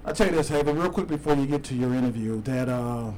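A man's voice: medium pitch, fast talker, darkish tone, a little hiss or hum, low-quality recording. A man hosting a sports talk show, talking football deals in an upbeat, insistent way. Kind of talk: casual radio chat.

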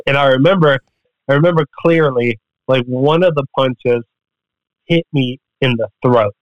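Guy telling a fight story on a podcast, swears a lot, acts out what people said, flat dull dry sound. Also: mid-range voice, measured pace, no echo. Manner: rambling, profane, acts out quotes. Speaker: podcast guest, MMA fighter. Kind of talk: casual storytelling.

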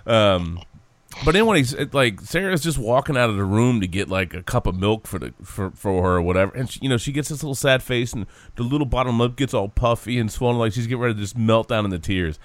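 A man's voice: mid-range voice, animated, fast, dry recording. A man, co-hosting a sports podcast in a rambling, upbeat way. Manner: rambling, upbeat, laughs easily. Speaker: podcast co-host. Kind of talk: casual sports podcast chat.

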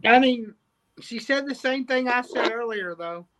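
A man co-hosting a casual chat, laid-back and deadpan, swearing offhandedly. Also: extremely high pitch, measured pace. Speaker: podcast co-host.

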